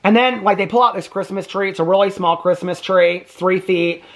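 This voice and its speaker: A man's voice: sits high, brisk, fairly bright tone. Male reaction vlogger, casual, rambling, sassy and profane. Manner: chatty, rambling, sassy, swears freely.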